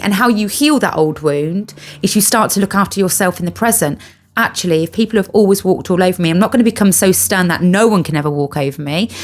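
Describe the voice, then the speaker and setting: A middle-aged British woman talking earnestly to camera about spiritual healing, stressing and repeating her key phrases. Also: on the low side. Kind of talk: casual monologue to camera.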